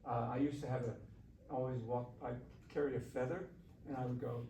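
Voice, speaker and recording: A man's voice: mid-range voice, moderate pace. Encouraging man teaching in a roomy classroom. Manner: relaxed, encouraging, talks to students directly. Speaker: shakuhachi teacher. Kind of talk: workshop instruction. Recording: roomy, distant mic, faint room noise.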